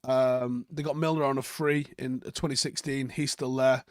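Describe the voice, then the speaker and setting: A man's voice: mid-range voice, fairly even intonation, normal speed, dry recording, clean studio sound. A young man hosting a casual live stream, reading out chat comments and rambling with lots of ums and swearing. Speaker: fan channel host reading live chat.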